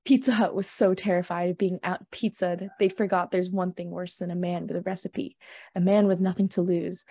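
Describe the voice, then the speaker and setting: A woman's voice: fairly low pitch, level tone, normal speed, mellow, husky, dry recording. Young woman streamer reading spooky stuff, laughs a lot, dry close sound. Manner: giggly, chatty, reads with laughs. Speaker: stream host. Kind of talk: casual livestream chat and reading aloud.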